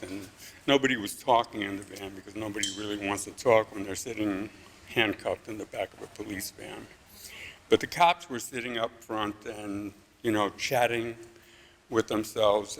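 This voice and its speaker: Gravelly low-voiced man telling a story. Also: a little hiss or hum. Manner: dry, understated, deadpan humor. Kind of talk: live story slam telling. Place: live event stage.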